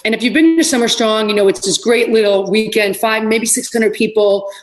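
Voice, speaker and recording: A middle-aged woman, a fitness trainer, telling lively stories in a casual podcast chat and acting out what people said. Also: on the high side, brisk, poor audio. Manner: animated storyteller, acts out quotes.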